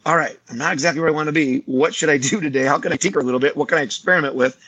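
A man's voice: a little high, racing, muffled recording. A man, a martial arts teacher, talking casually on a podcast and acting out other people's lines as he tells stories. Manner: animated storyteller, acts out other people's lines.

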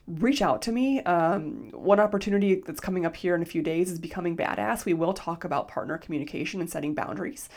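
A woman in her thirties, a life coach, hosting her podcast in a casual, chatty solo talk, often slipping into quoted dialogue. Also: on the low side. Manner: chatty, lots of "like", quotes herself in little voices.

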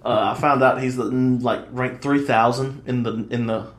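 A man co-hosts a casual gaming podcast from an echoey room, his voice sitting at an ordinary middle pitch. He tells his stories in an excitable, swearing-heavy rush, and the room rings around him. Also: normal speed. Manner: excitable, profane storyteller. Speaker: podcast co-host. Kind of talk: casual chat.

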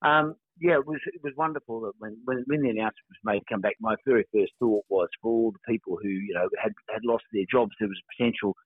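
An older man talks in a measured, halting way, circling back over his words with plenty of fillers. His voice comes through a dry, tinny phone line, close and without room sound. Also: lowish voice, husky, no echo. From Australia. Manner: measured, hesitant, many restarts and fillers. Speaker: guest actor. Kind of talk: casual interview.

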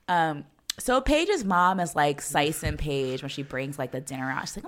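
A woman co-hosting a podcast, chatting casually and laughing, slangy, putting on quick high voices for quotes, and sounding tired. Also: expressive, fairly bright tone. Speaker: podcast co-host. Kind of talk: casual rewatch podcast chat.

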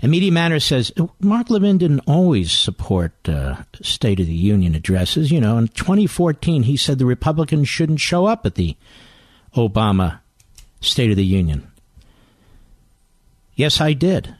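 A man's voice: mid-range voice, sing-song, moderate pace, dry recording. Combative talk-radio man, dry studio sound. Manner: combative, reads headlines aloud with rising emphasis. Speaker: radio talk show host. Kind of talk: political talk radio monologue. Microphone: studio microphone.

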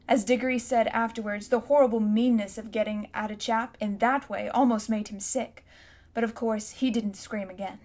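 Woman reading a storybook aloud, calm and measured, a little high voiced. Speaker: audiobook narrator. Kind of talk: scripted narration.

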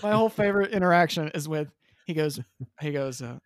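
A man's voice: fairly high pitch, animated, fast talker, no room sound, studio quality. A man co-hosting a podcast in casual chat, quoting movie lines in put-on voices. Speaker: podcast co-host.

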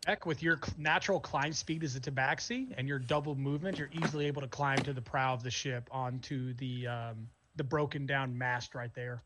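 A man's voice: medium pitch, steady tone, fairly quick, few pauses, fairly bright tone, a little hiss or hum. A man narrating as game master, describing the scene casually with many fillers.

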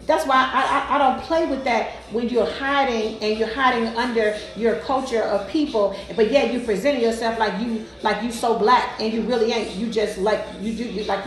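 A woman's voice: fairly high pitch, echoey room, rough recording. A woman casually telling a personal story, emphatic and colloquial, often repeating herself.

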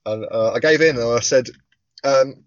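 A man in his forties co-hosting a podcast, telling stories in a casual, animated way, swearing and laughing often. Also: mid-range voice, normal speed, slight background noise. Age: 40s. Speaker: podcast co-host. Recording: dull, dry lo-fi sound.

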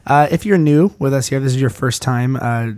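A man's voice: mid-range voice, moderate pace, a little mellow, no echo. A man hosting a casual comics podcast, teasing his co-hosts and steering the talk. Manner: teasing, jokey, runs the conversation. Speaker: podcast host.

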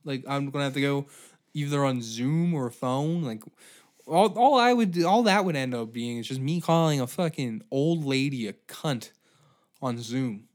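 A man's voice: medium pitch, unhurried. A man hosting a podcast, ranting in a rambling, heavily profane, exaggerated way. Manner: swears constantly, rambling, exaggerated outbursts. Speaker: podcast host. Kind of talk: profane comedic rant.

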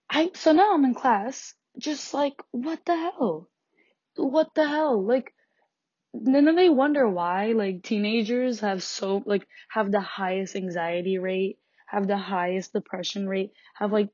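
A teenage girl rants about her school day, frustrated and sarcastic, swearing freely and laughing in between. Her voice sits at a middling pitch. The recording is a bit muffled and dry, with no room sound. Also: a little mellow, no echo. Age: teens. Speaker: high school student. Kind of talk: venting rant to camera.

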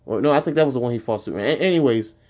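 A young adult man hosting his own podcast, ranting casually and profanely, his voice jumping high when he gets annoyed. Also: animated, rapid-fire, darkish tone. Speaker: podcast host. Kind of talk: casual solo podcast rant.

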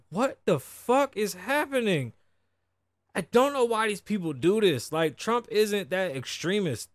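A man's voice: fairly high pitch, dry recording. A man hosting a podcast, riffing on news in a casual, profane and opinionated way. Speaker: podcast host.

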